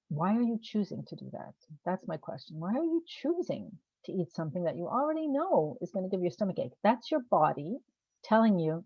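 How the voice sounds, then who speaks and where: A woman's voice: fairly low pitch, a little mellow, no echo. A woman coach talking casually to the camera, posing rhetorical questions and laughing at herself. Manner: conversational, asks rhetorical questions. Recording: dull, dry sound.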